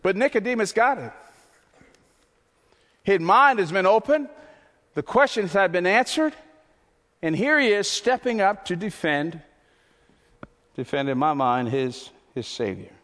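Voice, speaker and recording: A man preaching a sermon as pastor, impassioned and repetitive, his voice climbing toward near shouts. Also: sits high, animated, measured pace, pauses often, big-room sound.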